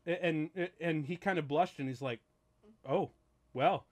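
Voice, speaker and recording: A man co-hosting a casual chat about a film, laughing often and talking in halting bursts with lots of fillers. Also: a little high. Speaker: co-host reacting to a film.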